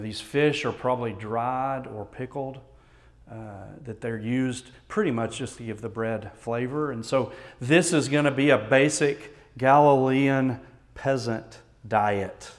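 A man with a Texan accent preaching a sermon as pastor, reading scripture aloud and explaining it with earnest emphasis, moving between loud stresses and quiet, low passages.

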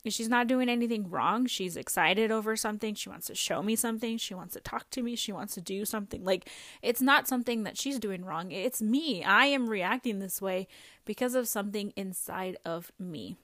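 A young woman hosts a podcast, speaking in a candid, rambling way with small laughs scattered through her talk. Her voice sits at a middling pitch. The sound is dry, with little room echo. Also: normal speed, fairly bright tone. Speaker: podcast host. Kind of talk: personal reflective monologue.

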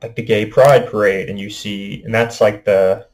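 A man's voice: on the low side, little pitch movement, normal speed, a little mellow, poor audio. A young man hosting a casual monologue podcast, rambling with lots of fillers. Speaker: podcast host.

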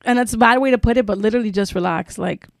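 A woman's voice: fairly high pitch, very fast, no echo, clean studio sound. A woman co-hosting a podcast, telling a long personal story in a rambling casual way, full of fillers and swearing. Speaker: podcast co-host. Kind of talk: casual chat.

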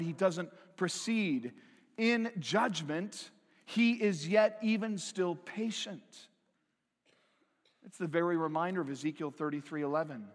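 Man, pastor, high voice, conversational sermon, keeps asking "right?", drawn-out emphasis, long church reverb. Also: fairly bright tone. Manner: conversational preaching, frequent tag "right?"; slows and stresses key phrases.

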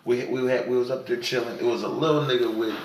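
A man telling a story on a casual podcast, acting out both sides of a quarrel with loud, lively voices. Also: mid-range voice, quick pace, slight background noise. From Sacramento area. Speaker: podcast co-host. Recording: echoey room.

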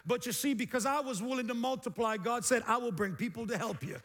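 A middle-aged man preaching a sermon as pastor, energetic, with repeated phrases and calls to the congregation. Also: extremely high pitch, fast talker, hardly any pauses. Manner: energetic, repetitive call-and-response preaching.

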